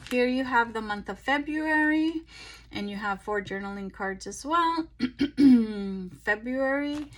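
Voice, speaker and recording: A tired woman chatting casually through a craft haul, relaxed and full of ums and pauses, recorded on a phone. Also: medium pitch, background noise. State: tired, yawning. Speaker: craft vlogger. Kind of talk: casual show-and-tell chat.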